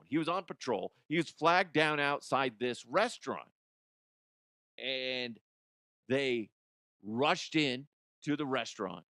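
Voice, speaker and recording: A middle-aged man hosting a comedy show, ranting about odd news in an animated, profane, self-mocking way and laughing at his own jokes. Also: fairly high pitch, no room sound, clean studio sound. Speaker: podcast host.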